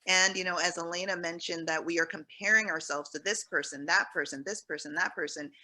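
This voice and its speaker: Lower-voiced woman, bright and forceful, earnest panel talk. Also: fairly even intonation, fairly quick, low-quality recording. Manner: earnest, encouraging, emphatic. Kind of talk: panel discussion.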